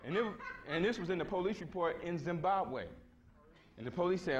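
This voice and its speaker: A man's voice: a little high, brisk. A man speaking at a conference. He tells stories to a live audience in blunt, slangy, emphatic talk and acts out the voices he quotes. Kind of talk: casual storytelling lecture to a live audience. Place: conference hall before an audience.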